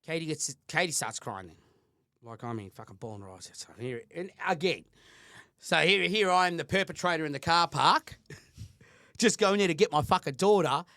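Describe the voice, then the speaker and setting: An Australian man in middle age tells a story with a constant stream of swearing. His pitch swings widely. The recording is close and dry, with no room sound. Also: lively intonation, moderate pace, sharp tone, no room sound. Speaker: podcast co-host. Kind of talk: casual podcast chat.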